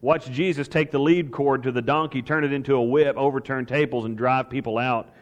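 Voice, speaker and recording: A man's voice: medium pitch, fairly even intonation, fairly quick, long reverb tail, muffled recording. A man preaching a sermon as pastor, talking with emphasis and asking his listeners rhetorical questions.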